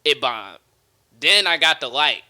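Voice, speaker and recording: A young man telling a story about his own stand-up set, full of laughter and quick acted-out voices. His voice is very bright and sits a little high for a man. He talks in a casual, animated way. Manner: animated, acts out voices of others, laughs often.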